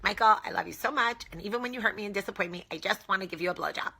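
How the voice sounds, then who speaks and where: A woman putting on the voice of a sugary, submissive young wife who preaches slowly and sweetly to other ladies. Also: medium pitch, vocal fry, pushed and bright, breathy edge, heavily acted. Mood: doting. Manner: syrupy and slow, preachy to the ladies.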